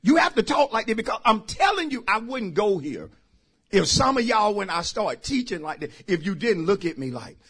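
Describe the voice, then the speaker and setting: A man preaches a sermon, calling out lines and chuckling with the congregation. His voice sits high and bright, and it swings wildly from low mutters to soaring shouts. There is a slight husky edge to it. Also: big pitch swings, moderate pace. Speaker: pastor.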